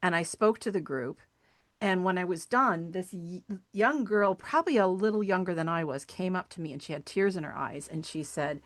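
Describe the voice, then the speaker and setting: Earnest woman telling stories, lowish voice. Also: measured pace, no echo. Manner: earnest, animated storyteller acting out quoted voices. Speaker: podcast guest, sculptor and hiking group founder. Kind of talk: conversational storytelling interview.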